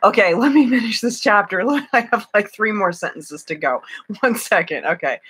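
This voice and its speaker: A woman's voice: mid-range voice, expressive, normal speed, fairly bright tone, slightly rough. A woman chatting on a live stream from home, giggly and rambling, with many fillers and restarts. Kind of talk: casual live-stream chat.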